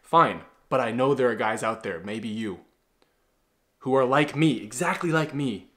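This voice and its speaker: A man's voice: mid-range voice, measured pace, a bit bright. A blunt man talks straight to the camera like a self-improvement coach. He swears freely, speaks in a mid-range voice, and keeps calling the listener bro. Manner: blunt and profane, calls the viewer "bro". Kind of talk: casual motivational talk to camera.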